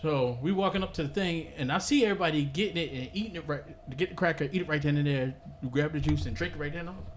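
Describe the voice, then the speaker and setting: A man's voice: a little high, fast, few pauses. A man telling a funny story on a podcast in a casual chat, laughing often and stumbling over his words. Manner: animated storyteller, laughs often, stammers and restarts. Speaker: podcast host. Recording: noisy room ambience.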